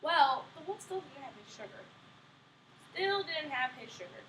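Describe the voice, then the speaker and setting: A woman reads a storybook aloud in an animated, expressive way, her high voice bright and swooping. She sounds distant and echoey, as if recorded from across a room, with faint ambience behind her. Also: moderate pace, a little hiss or hum. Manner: animated and expressive, laughing along with listeners. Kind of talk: reading a picture book aloud.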